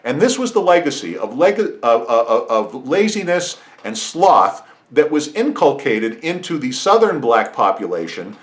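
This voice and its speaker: A man's voice: mid-range voice, very animated, measured pace, few pauses. A middle-aged man hosting a podcast, talking through an opinionated monologue with frequent restarts and asides. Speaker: podcast host. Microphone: podcast microphone.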